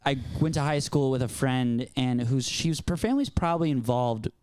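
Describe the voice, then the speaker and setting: A young man hosting a comedy podcast, chatting in a rambling, halting way. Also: mid-range voice, expressive, darkish tone, slight background noise. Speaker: podcast host. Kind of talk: casual comedy podcast chat.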